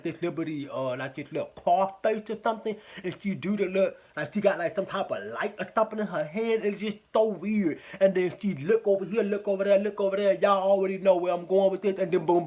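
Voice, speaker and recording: A man's voice: sits high, fairly quick, few pauses, narrow, tinny audio. A man giving a casual spoken movie review, rambling, swearing often and repeating himself.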